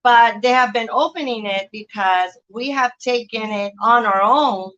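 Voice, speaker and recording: A woman guest answering interview questions in a measured, thoughtful way. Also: on the high side, a bit bright, lo-fi sound, a little hiss or hum.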